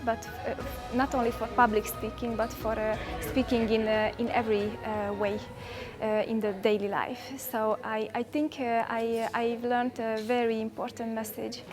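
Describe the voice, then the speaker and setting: A woman speaks about a workshop she attended, halting often with fillers. Her voice is somewhat high and stays very flat in pitch, and clear music plays behind her. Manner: hesitant, many fillers. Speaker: workshop participant. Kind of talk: testimonial.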